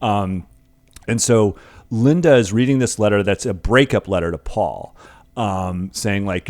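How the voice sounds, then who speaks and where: Lower-voiced man discussing films. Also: a little slow, darkish tone. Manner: rambling analysis with many restarts and fillers. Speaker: podcast co-host. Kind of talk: casual chat.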